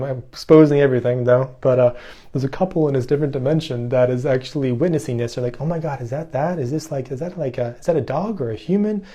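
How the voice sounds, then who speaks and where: A man telling a rambling, excitable story in casual speech, full of fillers and restarts. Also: mid-range voice. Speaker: fasting vlogger.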